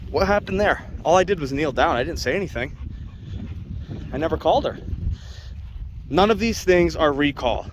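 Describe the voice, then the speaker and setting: A man's voice: fairly high pitch, animated, moderate pace, long pauses, background noise. Blunt man vlogging outdoors. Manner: blunt, opinionated, talks straight to viewers. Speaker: dog trainer. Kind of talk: casual outdoor vlog commentary. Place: outdoors on a wet walk with his dog.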